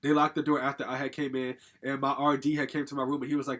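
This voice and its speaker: A man's voice: medium pitch, flat delivery, fast talker, hardly any pauses, a bit bright. A young man from Connecticut telling a personal story in a casual, rambling way, full of "like" fillers and casual swearing. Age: young adult. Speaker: storytime vlogger.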